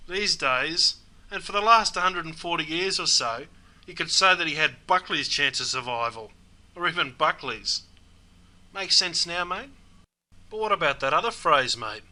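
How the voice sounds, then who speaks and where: Bright Australian man saying "mate" a lot. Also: on the high side, poor audio. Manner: drops "mate" into nearly every sentence, dry storyteller. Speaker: host explaining slang. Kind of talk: scripted comic narration.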